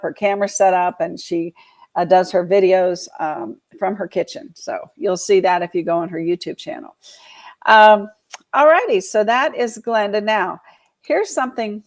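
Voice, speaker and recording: A woman from Georgia hosting a casual live show on real estate, chatty and rambling, with many fillers and laughs. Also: medium pitch. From Georgia, US South. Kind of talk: casual live-stream talk.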